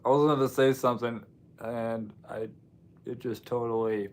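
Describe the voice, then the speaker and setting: A slightly mellow, mid-range voice with fairly even intonation comes from an American man speaking at a moderate pace. Hosting a casual livestream, he talks with viewers in a rambling, self-deprecating style.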